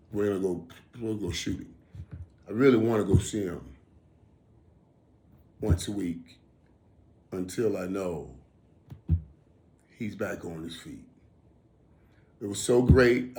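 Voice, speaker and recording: A middle-aged man telling a personal story casually, emphatic and animated, repeating phrases for weight. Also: on the low side. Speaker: vlogger.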